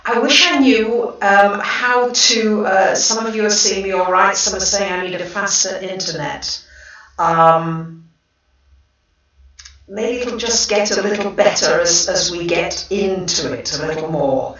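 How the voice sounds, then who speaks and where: A woman hosting a casual astrology livestream, chatty and excitable, greeting viewers one by one. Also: medium pitch, unhurried, muffled recording. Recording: very echoey room, voice far from the mic.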